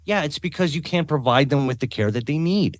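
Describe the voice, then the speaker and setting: A man's voice: fairly high pitch, animated, fairly quick, dry recording. A man as a podcast guest talking earnestly in a casual conversation, often repeating words and adding tag questions.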